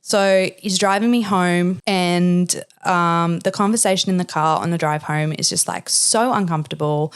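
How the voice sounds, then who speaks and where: A woman's voice: lowish voice, fairly even intonation, normal speed, hardly any pauses, smooth. A woman in her thirties hosting a podcast, telling a candid story in a chatty, filler-heavy way, often quoting people. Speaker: podcast host.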